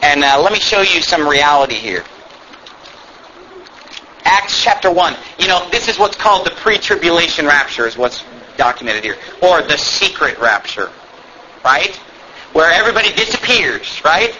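A man's voice: on the high side, big pitch swings, moderate pace, bright, forceful tone, a little hiss or hum, rough recording. A man preaching a sermon, emphatic and sarcastic, reading scripture aloud with rising force. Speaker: pastor.

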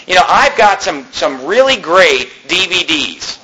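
High-voiced, bright male preacher. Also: unhurried, roomy sound, poor audio. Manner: animated, conversational preaching with rhetorical questions. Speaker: pastor. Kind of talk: sermon. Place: church.

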